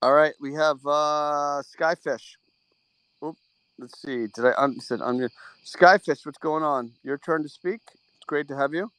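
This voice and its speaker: Smooth-voiced man hosting a trading Q&A. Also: on the high side, fairly bright tone, no room sound. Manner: blunt, quick, drops bits of French. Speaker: host of a trading Q&A. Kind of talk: casual live audio chat.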